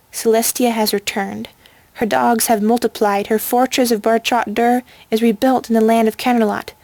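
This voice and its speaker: A woman's voice: a little high, darkish tone, no echo, natural voice. A woman voicing a grave, wise young unicorn mentor in a storybook reading. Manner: solemn and earnest.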